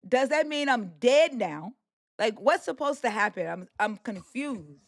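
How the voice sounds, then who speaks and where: A woman's voice: a little high, animated, measured pace, no echo, studio quality. A woman hosting a live stream, talking in a brash, profane, taunting way. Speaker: livestream host. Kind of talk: heated live-stream rant.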